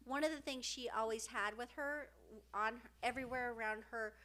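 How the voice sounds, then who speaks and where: A middle-aged woman co-hosting a casual podcast, speaking in a rather high voice. She talks with feeling, pausing and restarting often, and fills the gaps with soft fillers. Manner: emotional, halting, many fillers and restarts. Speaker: podcast co-host. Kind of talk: heartfelt casual podcast chat.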